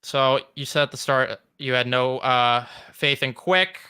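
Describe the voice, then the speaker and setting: A man's voice: mid-range voice, unhurried, bright, forceful tone, clean tone. A young man hosting a casual sports podcast, given to mock-dramatic, theatrical rants. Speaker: podcast host.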